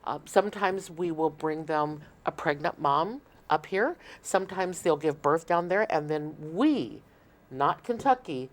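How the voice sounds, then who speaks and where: A woman's voice: sits low, lively intonation, unhurried. Earnest Midwestern woman explaining at length. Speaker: shelter marketing manager, guest. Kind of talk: casual interview talk.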